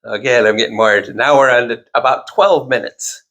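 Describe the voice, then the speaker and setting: A man's voice: mid-range voice, normal speed, fairly bright tone. A man telling a long, rambling personal anecdote in casual chat, with self-deprecating asides.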